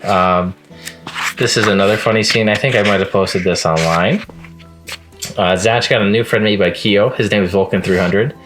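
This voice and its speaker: A man's voice: fairly low pitch, moderate pace, over music. A man talking casually in a manga review vlog, chatty and amused, often laughing at the scenes he recaps.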